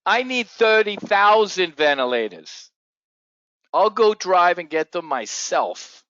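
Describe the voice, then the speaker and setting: A man doing an impression of a governor, speaking loudly, slowly and insistently. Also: high-pitched, very animated, smooth, no room sound, muffled recording, voice pushed up, full character voice. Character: impression of a male governor, loud and emphatic.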